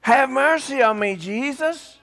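A man's voice: very high-pitched, animated, unhurried, pitched above the performer's own voice, heavily acted. A man crying out as a desperate blind beggar. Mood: pleading. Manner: loud pleading cries.

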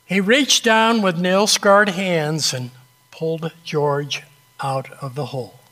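A man preaching a sermon, telling an illustrative story with dramatic pauses and a conversational, direct manner. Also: a little high, steady tone, sharp tone.

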